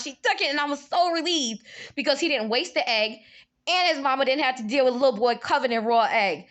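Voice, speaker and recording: A young woman telling a story in a casual vlog, animated, jumping up high for quoted lines, recorded on a phone. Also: fairly quick. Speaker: vlogger. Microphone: phone camera.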